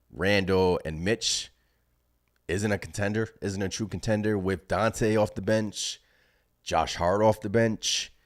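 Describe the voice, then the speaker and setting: Male fan-channel host, very low voice, excitable and rambling, live reaction stream. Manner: excited, rambling, thinks aloud.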